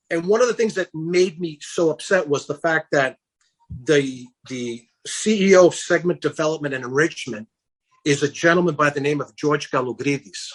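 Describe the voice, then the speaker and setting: A middle-aged man tells his story as a podcast guest, acting out the lines he quotes. His voice is husky and sits a bit high for a man. He talks in a loose, animated way. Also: normal speed. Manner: animated storyteller who acts out quoted dialogue. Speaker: guest, campaign founder. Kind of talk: casual podcast interview.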